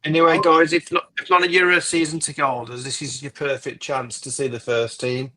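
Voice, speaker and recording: A man co-hosts a football fan stream, upbeat and inviting as he speaks to callers and viewers. His voice sits slightly high and stays easygoing. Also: flat delivery, fairly quick, bright, forceful tone. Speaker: co-host. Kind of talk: casual football chat.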